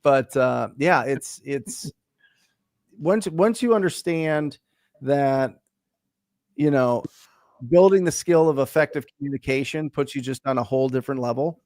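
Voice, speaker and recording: A man's voice: medium pitch, measured pace, a little mellow, no echo, studio quality. A man hosting a casual business talk, speaking emphatically and repeating phrases for stress. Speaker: podcast host.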